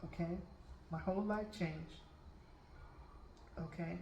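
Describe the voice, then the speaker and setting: A woman's voice: lowish voice, steady tone, normal speed, darkish tone, slight background noise. A middle-aged woman, a Reiki master and tarot reader, telling spiritual stories to viewers and checking in with "okay?" after nearly every point. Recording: roomy room with faint background ambience.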